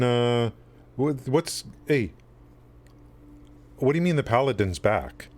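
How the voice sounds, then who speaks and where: A man hosting a live game stream, chatting loosely with his viewers, rambling with many restarts and fillers. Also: mid-range voice. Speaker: livestream host. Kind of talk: casual chat with stream chat.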